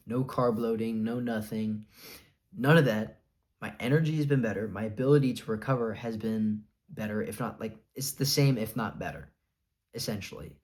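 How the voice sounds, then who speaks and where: A man's voice: on the low side, darkish tone. A young adult man talking casually to camera, rambling with many fillers, earnest and a bit defiant. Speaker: vlogger sharing his diet experience.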